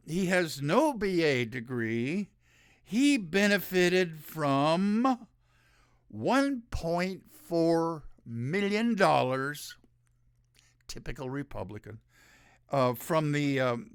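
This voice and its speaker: A man's voice: a little high, clean tone, dry recording, studio quality. A man hosting his own show, giving rambling, sarcastic solo commentary. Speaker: show host.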